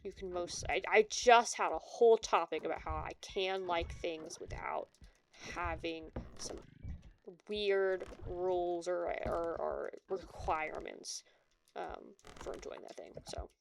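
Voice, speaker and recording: A woman's voice: fairly low pitch, fairly even intonation, unhurried, gravelly, slight background noise. A woman streaming a video game, giving playful, self-mocking commentary as she plays. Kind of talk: gaming commentary.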